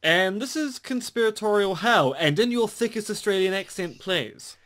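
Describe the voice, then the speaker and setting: A man's voice: high-pitched, expressive, normal speed, a bit bright. A man hosting a podcast, anchoring comedic news segments with a bossy, mock-stern manner. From New Zealand. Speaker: podcast host.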